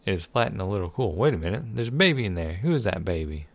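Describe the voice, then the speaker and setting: A man's voice: low voice, sing-song, fast talker, no echo. A man reading a text game aloud and adding sarcastic, irreverent commentary, swearing freely. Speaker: let's play gamer.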